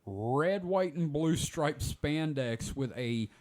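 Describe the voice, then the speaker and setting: A man's voice: on the high side, lively intonation, takes it slowly, a little mellow, a little hiss or hum. A man in his forties hosting a podcast, telling rambling stories in casual chat. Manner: rambling storyteller, many "like" fillers. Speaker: podcast host.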